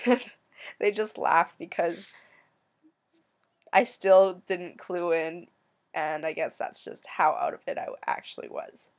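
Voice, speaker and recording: A young woman from Canada telling a personal story in a soft, halting, emotional way, with many pauses, near tears. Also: on the low side. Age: young adult. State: tearful. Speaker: vlogger.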